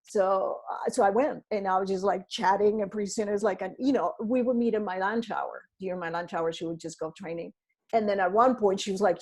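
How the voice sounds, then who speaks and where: A middle-aged woman talking as a podcast guest, rambling and animated as she tells her story and acts out what people said to her. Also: mid-range voice, fast talker, breathy edge. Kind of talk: casual storytelling interview.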